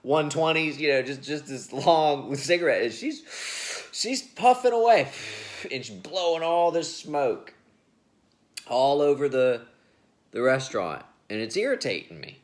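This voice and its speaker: A man's voice: on the high side, lively intonation, unhurried. An adult man telling a story in a casual, rambling monologue, laughing often and restarting sentences as he hosts his show.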